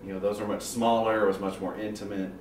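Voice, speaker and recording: Lowish guy remembering revivals fondly, roomy echo. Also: little pitch movement, fast talker, darkish tone, far from the mic, slight background noise. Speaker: choir member. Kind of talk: reflective interview talk. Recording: roomy, off-mic with faint ambience.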